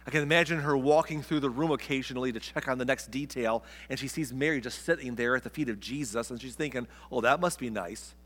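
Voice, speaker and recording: Guy preaching casually, mid-pitched voice, acts out the characters, big hall echo behind him. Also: steady tone, fast, hardly any pauses, fairly bright tone. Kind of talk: sermon.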